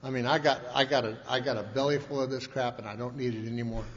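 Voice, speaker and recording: A man's voice: medium pitch, fairly even intonation, fast talker. A middle-aged man from Montana telling his recovery story to an audience, folksy and rambling, with constant restarts and colloquial grammar. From Montana, USA. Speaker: speaker at a recovery convention. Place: large convention hall. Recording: long hall reverb, dull lo-fi archival tape, faint hiss.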